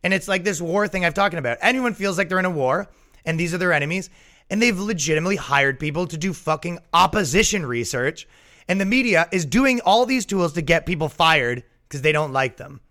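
A man's voice: on the high side, lively intonation, fairly quick, pushed and bright. A man hosting a podcast in a casual monologue, sarcastic, swearing freely and laughing at his own jokes. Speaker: podcast host.

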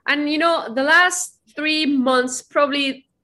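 A woman's voice: high-pitched, takes it slowly. A young woman, a podcast guest, chatting casually and telling stories with lots of laughter. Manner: bubbly, laughs often, animated storytelling. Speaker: interview guest.

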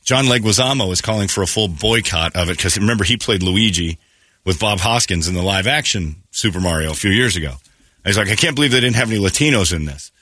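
Man, radio host, sore throat, forceful tone, dry close sound, sardonic chat. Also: sits low, no echo. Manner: animated, sardonic, often quotes others mockingly. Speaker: radio morning show host. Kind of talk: casual chat, wry storytelling.

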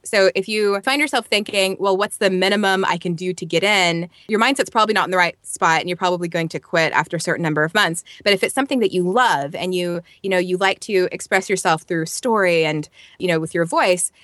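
Woman, voice actor, podcast guest, lowish voice, thoughtful, restarts sentences, dry close sound. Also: fairly quick, fairly bright tone, dry recording. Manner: thoughtful, practical, with frequent restarts. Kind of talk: casual podcast interview.

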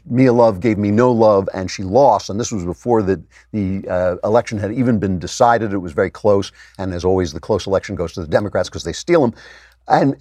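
A man's voice: fairly low pitch, darkish tone, no echo. Dry-sounding sarcastic male commentator. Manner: sarcastic, mocking quotes in raised voice. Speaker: political commentary host. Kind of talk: opinionated political monologue.

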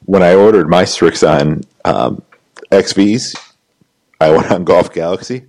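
A man's voice: low voice, measured pace, darkish tone, poor audio. A man co-hosting a podcast, chiming in with dry, teasing remarks. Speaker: podcast co-host. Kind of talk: casual chat.

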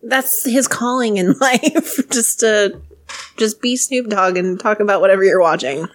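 A woman's voice: mid-range voice, a little slow. A woman co-hosting a podcast in casual chat, mostly giving short agreeing replies and laughing easily. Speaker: podcast co-host.

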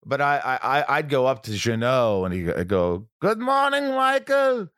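A man's voice: mid-range voice, normal speed. A man hosting a casual chat, telling stories animatedly and acting out quotes, with some swearing. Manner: animated storyteller, acts out quotes, profane.

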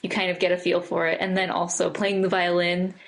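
A woman's voice: on the low side, completely flat delivery, brisk. A woman co-hosting a casual podcast, chatty and upbeat, laughing easily. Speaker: podcast co-host.

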